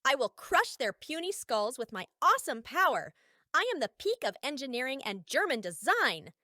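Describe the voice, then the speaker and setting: A man voicing a timid interpreter who speaks slowly and softly. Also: very high voice, very animated, no echo, clean studio sound, pitched above the performer's own voice, heavily acted.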